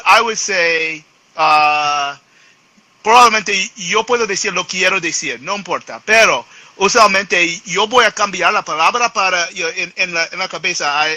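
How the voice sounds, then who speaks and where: A middle-aged man with a New York accent hosting a casual live chat, talking haltingly with many restarts and slipping into Spanish. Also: high voice, bright, forceful tone, no echo, rough recording. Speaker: host.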